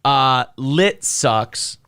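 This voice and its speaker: A man in his forties hosting a casual morning show, telling a long deadpan joke full of fillers and reading out chat comments. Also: mid-range voice, very slow, clear, resonant tone, dry recording, clean studio sound.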